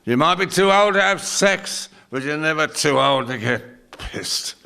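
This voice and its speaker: A man's voice: on the high side, animated, measured pace, creaky, clear, resonant tone, full character voice. An older man with an Australian accent playing a belligerent, drunk male larrikin in his seventies, heckling crudely in a performance poem. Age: 70s. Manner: slurred, abusive, shouty heckling. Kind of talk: performance poetry monologue.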